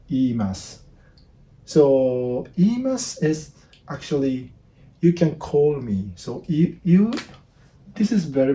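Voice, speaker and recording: A Japanese man in his fifties with a Japanese accent, teaching basic phrases in casual, halting English, often repeating words and restarting. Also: a little high, mellow. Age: 50s. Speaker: language teacher. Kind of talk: casual spoken lesson.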